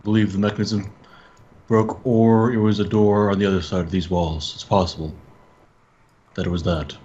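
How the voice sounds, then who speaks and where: A man playing a tabletop game, relaxed and thinking aloud. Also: on the low side, normal speed, highs cut off. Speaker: player. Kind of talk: casual tabletop game play.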